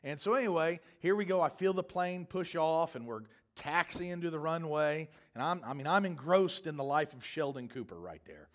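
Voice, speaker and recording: A man's voice: on the high side, lively intonation, normal speed, few pauses. A man preaching a sermon as a pastor, telling a long, humorous travel story in a rambling, self-correcting way.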